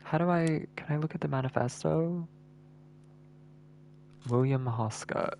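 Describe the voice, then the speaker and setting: A man's voice: fairly high pitch, a little slow, vocal fry, darkish tone, slight background noise. A male streamer giving casual gameplay commentary, thinking aloud and repeating words as he works things out.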